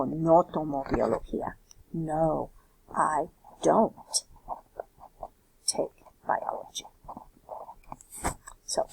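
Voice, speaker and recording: A woman's voice: lowish voice, creaky, darkish tone, a little hiss or hum, low-quality recording. A woman teaching a Spanish class, walking students through a worksheet with patient, step-by-step explanations. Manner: patient, explanatory, slows down for examples. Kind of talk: recorded classroom lesson walkthrough.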